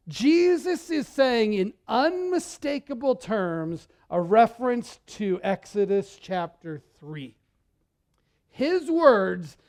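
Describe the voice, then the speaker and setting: A male pastor with a high voice preaches a church sermon in a conversational, animated style, often repeating words as he goes.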